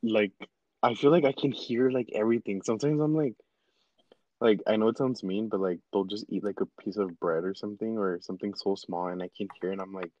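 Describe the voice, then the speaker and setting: A man's voice: fairly low pitch, fairly even intonation, fairly quick, a little mellow, dry recording. A young man who is a guest on a podcast, rambling casually with many restarts and "like"s. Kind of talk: casual chat. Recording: dry, dull lo-fi sound.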